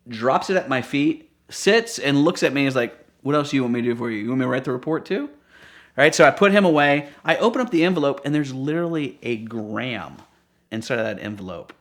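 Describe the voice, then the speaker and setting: A man who handles police dogs tells stories in a relaxed, conversational way, with wry humor and lively dialogue. His voice sits at a middle pitch. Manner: animated, wry storyteller who acts out dialogue. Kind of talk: casual anecdotal storytelling.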